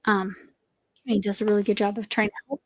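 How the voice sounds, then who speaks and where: A woman's voice: mid-range voice, level tone, quick pace, no room sound, rough recording. A middle-aged woman hosting a crochet livestream, rambling in casual chat with a voice that is slightly going. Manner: rambling, chatty, trails off and restarts.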